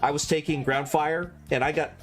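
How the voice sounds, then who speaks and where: A man's voice: fairly high pitch, fairly even intonation, normal speed, soft background music. A man, chatting casually with his squad while streaming a military game. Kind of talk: casual gaming chat with squad.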